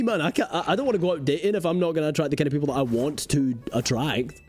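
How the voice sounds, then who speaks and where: A man's voice: medium pitch, lively intonation, brisk, darkish tone, soft background music. A young adult man giving live gameplay commentary, rambling and joking as he talks to his chat. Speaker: game streamer.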